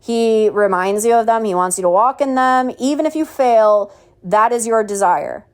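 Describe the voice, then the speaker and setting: A woman's voice: a little high, normal speed. Woman preaching in a mocking tone. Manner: mocking, preachy, rhetorical questions. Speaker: Bible teacher. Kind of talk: home Bible study sermon.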